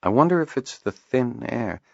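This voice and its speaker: A male audiobook reader voicing a brisk, curious man who teases a friend, in a raised, lively voice. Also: mid-range voice, creaky, dry recording, highs cut off, pitched above the performer's own voice. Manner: lively, raised voice, upbeat questions. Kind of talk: audiobook character voice.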